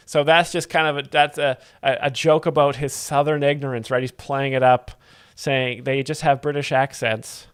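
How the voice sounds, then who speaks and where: A man giving mock-earnest comedic commentary as a livestream host, deadpan and rambling, halting with many fillers. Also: medium pitch, smooth, no room sound, clean studio sound. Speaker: joke explainer host of a livestream.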